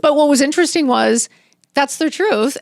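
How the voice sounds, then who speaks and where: Fifties woman guest, frank storyteller, bit high pitched, dry studio sound. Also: moderate pace, vocal fry, no room sound. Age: 50s. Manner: blunt, emphatic, swears freely, acts out dialogue. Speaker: podcast guest. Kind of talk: candid storytelling.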